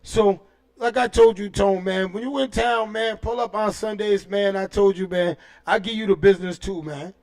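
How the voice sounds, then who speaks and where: Male livestream host with a high, gravelly voice who rattles off shout-outs and profane, boastful street-slang trash talk. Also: fairly even intonation, moderate pace. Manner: frequent fillers like "you know what I'm saying". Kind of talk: casual livestream chat.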